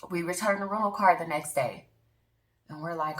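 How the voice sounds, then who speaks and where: A woman's voice: on the low side, moderate pace, roomy sound, recorded from a distance, low-quality recording. A woman in her thirties telling an earnest personal testimony to her viewers, speaking emphatically and addressing them directly. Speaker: vlogger.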